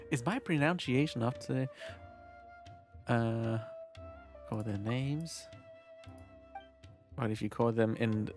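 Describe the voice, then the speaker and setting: A man streaming a game live, chatting casually as he plays, rambling, swearing freely and often clearing his throat. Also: medium pitch. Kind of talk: casual live gameplay commentary.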